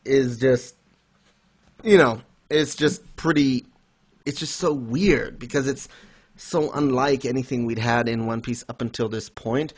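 A man talking at a mid pitch in an easy, rambling way, stopping to chuckle and hunt for words as he retells favorite moments. His tone sits right in the middle of the range. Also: measured pace, husky. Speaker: podcast co-host. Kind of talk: casual chat.

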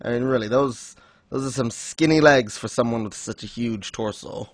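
A man's voice: mid-range voice, moderate pace, dry recording. Dry-voiced man recapping, laughing often. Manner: chatty, laughs often, acts out quotes. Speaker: podcast host. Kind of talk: casual recap chat.

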